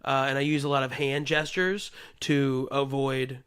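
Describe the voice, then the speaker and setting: Loud, bright-voiced male podcast host. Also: medium pitch, unhurried, clean tone. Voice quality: slight stutter. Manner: loud, animated, puts on voices in anecdotes. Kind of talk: casual chat. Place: studio.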